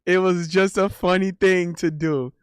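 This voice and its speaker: A man's voice: sits high, fairly even intonation, measured pace, smooth. A young man telling a rambling, casual story as a streamer, with lots of restarts and laughter.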